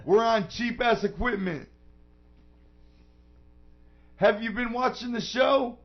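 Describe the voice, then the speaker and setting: A brash man with a high, gravelly voice calls out across a radio chat. He curses freely and speaks loudly. The sound is dull and lo-fi. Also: moderate pace. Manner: loud, profane, calls out to a caller. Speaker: radio show co-host.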